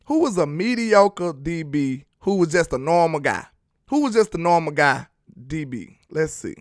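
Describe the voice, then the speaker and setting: On the high side with big pitch swings and a moderate pace, a male streamer casually dissects football film, recorded in a clean, echo-free studio. He chats away, laughs a lot and teases his viewers.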